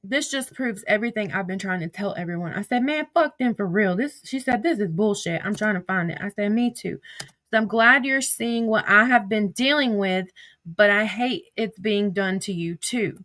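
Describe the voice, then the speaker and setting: A woman's voice: mid-range voice, fairly bright tone, no echo. A young woman, reading texts aloud on a livestream in a heated, profane rant. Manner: heated, profane, rapid rants.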